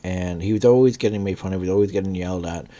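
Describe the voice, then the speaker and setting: Male reviewer, deep mellow voice, loose rambling delivery full of ums, frequent coughs. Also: rapid-fire. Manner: rambling, many fillers and restarts; clears throat and coughs often. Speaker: movie reviewer. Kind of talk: casual spoken review.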